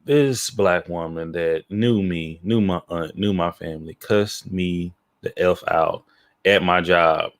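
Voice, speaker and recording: Low-voiced man telling a story. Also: slow, no echo, clean studio sound. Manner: animated storyteller, acts out quoted voices, checks in with "okay?". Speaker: podcast co-host. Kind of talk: casual podcast storytelling.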